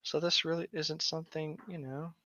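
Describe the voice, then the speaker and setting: A man's voice: on the high side, steady tone, normal speed, noisy background. A man reading story posts aloud and rambling jokingly on a casual podcast. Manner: rambling, joking, laughs a lot. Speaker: co-host reading stories.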